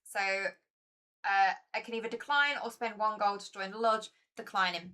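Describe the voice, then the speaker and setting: A young woman chatting casually as she streams a board game, talkative and easily excited. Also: medium pitch, normal speed.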